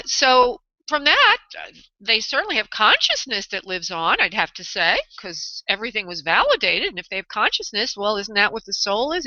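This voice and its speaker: A woman's voice: mid-range voice, pushed and bright, no echo. A woman with a New York accent hosting a live call-in psychic radio show, chatty and laughing often. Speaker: psychic medium radio host. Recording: dull lo-fi internet radio audio.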